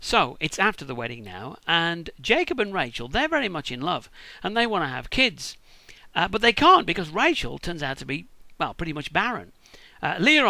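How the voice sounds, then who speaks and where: A man's voice: fairly high pitch, creaky, pushed and bright, dry recording. A British man rambling through a crude, irreverent comic Bible retelling at home. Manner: profane, rambling, irreverent asides. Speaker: storyteller.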